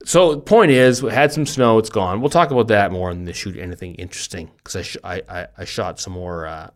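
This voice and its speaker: A middle-aged man with a fairly low voice, chatting casually as a podcast host. He rambles, trips over words and pokes fun at himself, his speech loose and unscripted. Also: brisk. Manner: rambling, self-deprecating, stumbles over words. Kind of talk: casual chat.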